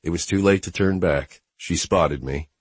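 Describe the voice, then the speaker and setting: Man, audiobook narration, first-person, wry low-key delivery, deep pitch, husky tone. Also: normal speed, no room sound.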